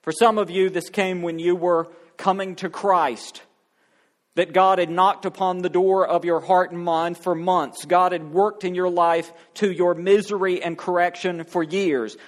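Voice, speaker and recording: A man preaching a sermon, reading scripture aloud and then exhorting the congregation, stretching words out slowly for emphasis. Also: sits high, steady tone. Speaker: pastor.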